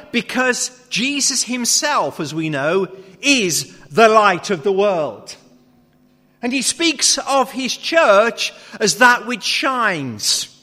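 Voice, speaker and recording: A man preaching a sermon, reading scripture and then explaining it with emphatic, measured phrasing and long dramatic pauses. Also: very high voice, sharp tone. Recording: long reverb of a hall.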